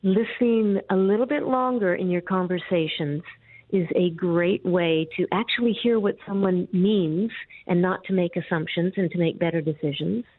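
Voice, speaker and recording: A woman guest giving calm, measured explanations in a radio interview. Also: fairly low pitch, no echo. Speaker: guest author. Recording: tinny dry phone line.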